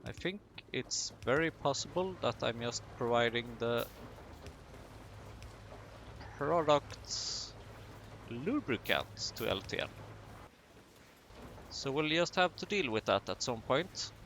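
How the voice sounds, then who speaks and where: Guy chatting slow over his factory game, gravelly voice, bright edge, joking at himself. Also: medium pitch, expressive, a little hiss or hum. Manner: chatty, self-mocking asides while building. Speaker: gaming video host. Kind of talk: casual let's-play commentary.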